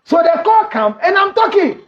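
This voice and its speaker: A middle-aged man with a Ghanaian accent, a counselor hosting an advice talk show, speaking loudly and teasingly with sudden shouts. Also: extremely high pitch, big pitch swings, moderate pace. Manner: loud, teasing, breaks into shouts and acted quotes. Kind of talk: animated advice talk mixing English and Twi. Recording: dull lo-fi recording.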